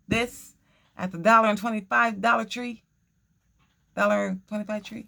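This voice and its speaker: A woman's voice: mid-range voice, fairly even intonation, normal speed, creaky, long pauses, pushed and bright. A woman casually chatting through an unboxing vlog at home, effusive, gasping and repeating her words. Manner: effusive, exclaims and gasps over items, repeats phrases. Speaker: crafting vlogger.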